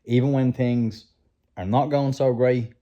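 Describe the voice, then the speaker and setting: A man's voice: mid-range voice, steady tone, unhurried, mellow, muffled recording. A man hosting a casual chat, earnestly coaching a guest on manifesting and repeating "right?" often. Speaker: host. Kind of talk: motivational advice chat.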